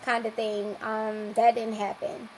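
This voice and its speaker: A young woman, a podcast guest, telling a long personal story in a lively, casual way and acting out what people said. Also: a little high, unhurried, slight background noise, poor audio. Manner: lively, acts out quoted dialogue.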